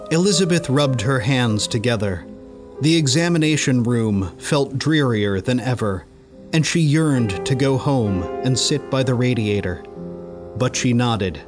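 A man narrating a horror story in a measured, deliberate way. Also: mid-range voice, animated, over music.

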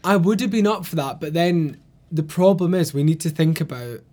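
A man with a softened Glasgow Scottish accent, co-hosting a casual podcast chat and telling lively stories with plenty of swearing. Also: a little high, normal speed. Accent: Glasgow Scottish, mellowed. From Scotland, Glasgow. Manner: animated storyteller, swears freely, laughs often. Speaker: podcast co-host.

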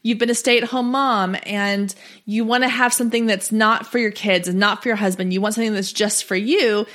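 A woman's voice: mid-range voice, fairly even intonation, a little fast, a bit bright. A woman in her thirties hosting a solo podcast, coaching small business owners in a chatty, direct and encouraging way.

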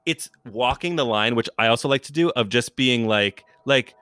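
A man's voice: mid-range voice, moderate pace, no echo. Rambling young man, dry close sound. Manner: rambling, filler-heavy, animated impressions. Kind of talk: casual chat.

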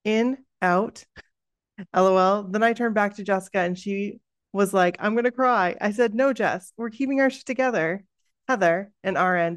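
A woman hosts a podcast and reads a listener's story aloud with lively expression. Her voice sits in a middle pitch, and the recording is dry and close with little room sound. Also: no echo. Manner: lively, expressive reading with laughs. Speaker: podcast host.

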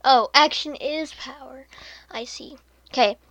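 A woman hosting a podcast in casual commentary, sarcastic, laughing often and dropping into soft muttered asides. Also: high voice, unhurried, dry recording. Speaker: podcast host.

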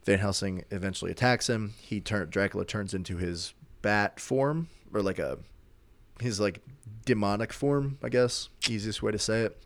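A man's voice: fairly low pitch, moderate pace, no echo. A man casually retelling a movie plot to a friend, rambling along with lots of fillers and restarts. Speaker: storyteller recapping a movie. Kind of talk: casual chat.

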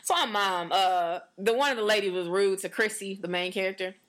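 A woman's voice: medium pitch, fairly quick. A young American woman co-hosting a casual podcast chat, telling stories and acting out quotes with lots of fillers. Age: young adult. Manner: animated storytelling, acts out quotes in varied voices; frequent fillers like "like" and "you know". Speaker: podcast co-host.

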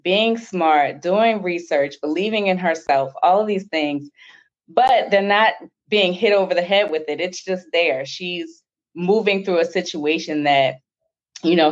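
A woman author speaking in a measured, earnest way. Her voice sits fairly low. The sound is dull and lo-fi, like a remote call. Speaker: children's book author. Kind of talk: interview answers. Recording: dull lo-fi line.

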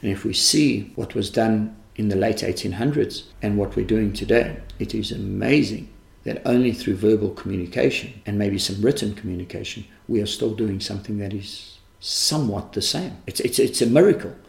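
A man, a karate instructor in a podcast interview, telling animated stories that he acts out. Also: lowish voice, moderate pace, vocal fry. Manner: animated storyteller who acts out quotes and laughs often. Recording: echoey room.

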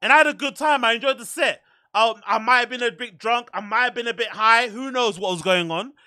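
A man hosting a podcast, telling rambling, profane, animated anecdotes in casual chat. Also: very high-pitched, brisk, no echo, clean studio sound. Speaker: podcast host.

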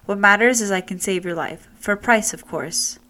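A woman's voice: mid-range voice, normal speed, bright, forceful tone, natural voice. Imp: a woman reading as a sly, snappish little imp. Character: sly little male imp, bargaining and smug.

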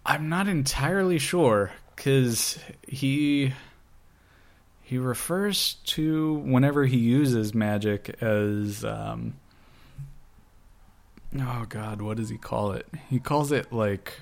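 A man in casual chat, talking slowly and rambling with lots of fillers. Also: mid-range voice, vocal fry. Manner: slow, rambling, many fillers. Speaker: guest. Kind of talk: casual chat about comic books.

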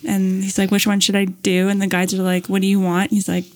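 A woman chatting casually and spinning a long story, slipping into little voices for each person she quotes. Her voice sits at an ordinary middle pitch, and the recording is close and dry, with no room sound around it. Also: brisk, dry recording. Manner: animated storyteller, acts out quotes, many fillers.

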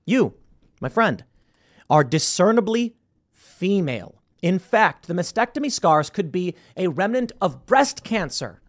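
A man's voice: high voice, big pitch swings, a little slow. A man hosting a podcast, giving emphatic, argumentative opinion commentary and restarting his words as he goes. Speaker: podcast host.

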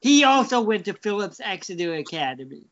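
A man's voice: sits high, very animated, fairly bright tone. A man chatting casually with a wry, joking manner. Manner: slow, wry, laughs often. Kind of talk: casual chat. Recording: dull lo-fi recording.

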